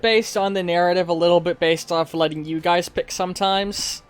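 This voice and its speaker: A man's voice: high-pitched, steady tone, normal speed, few pauses, smooth, faint music behind. Rambling male game streamer. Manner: rambling, informal, swears. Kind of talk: casual live-stream game commentary.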